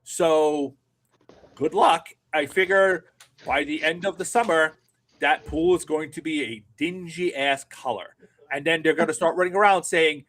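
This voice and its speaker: A middle-aged man in casual political commentary, ranting with heavy profanity and biting sarcasm. His voice sits a little on the high side for a man. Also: moderate pace, a bit bright. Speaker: political podcast co-host.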